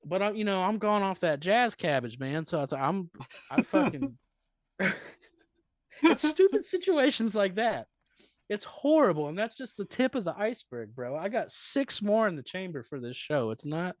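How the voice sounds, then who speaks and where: A man telling a profane, rambling comic story as a comedian guest on a live podcast, swinging between loud bursts and mutters. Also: sits high, unhurried, dry recording, clean studio sound. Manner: animated, profane, rambling anecdote with big swings in loudness.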